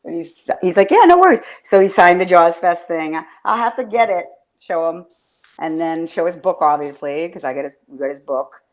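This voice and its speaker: Woman, podcast co-host, casual chat, bubbly, rambling, excitable. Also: fairly low pitch, moderate pace.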